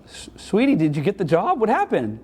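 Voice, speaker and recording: A man's voice: sits high, huge pitch swings, a little fast, breathy edge, heavily acted. A man voicing a caring mother who is eager to help her teenage son, speaking sweetly and coaxingly. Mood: doting. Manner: sweet, coaxing, proud of herself.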